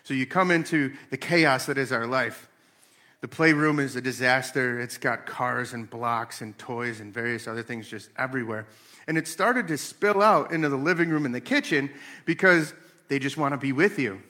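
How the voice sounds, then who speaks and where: A man's voice: mid-range voice, moderate pace. A man in his late thirties talking casually about faith and family, telling stories and acting out voices. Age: 30s. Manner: animated storytelling with acted-out voices.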